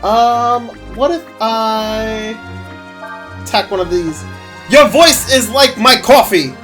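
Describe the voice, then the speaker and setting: A man streaming a video game and chatting casually with viewers, excitable and gushing, laughing often. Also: high-pitched, slow. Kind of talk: casual gameplay stream chat. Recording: faint game music behind.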